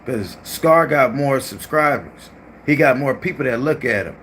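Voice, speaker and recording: A man's voice: medium pitch, animated, measured pace, fairly bright tone, a little hiss or hum. A man hosting a livestream who chats casually, in a loose, profane and repetitive way. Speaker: livestream host.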